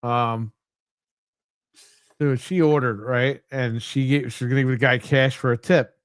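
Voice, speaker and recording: A man's voice: medium pitch, steady tone, measured pace, clear, resonant tone, no room sound, studio quality. A man co-hosting a gaming podcast, telling rambling anecdotes with casual swearing. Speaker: podcast co-host. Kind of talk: casual chat.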